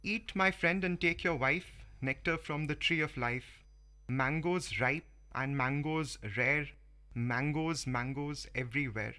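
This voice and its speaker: A man voicing a clever male monkey in a fable poem, read slowly in measured verse. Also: on the high side, bright, forceful tone. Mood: generous. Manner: slow, measured verse reading.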